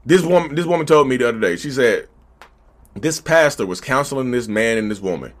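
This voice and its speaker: A man's voice: medium pitch, expressive, a little fast. A man vlogging in a casual, preachy way, speaking straight to his viewers. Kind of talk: casual commentary to camera.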